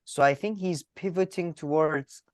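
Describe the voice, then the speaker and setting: Lady podcast cohost, chatty and laughy, kinda low voice, dry close mic. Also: moderate pace, dry recording. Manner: animated, laughing, does voices. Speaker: podcast co-host. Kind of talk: casual podcast chat.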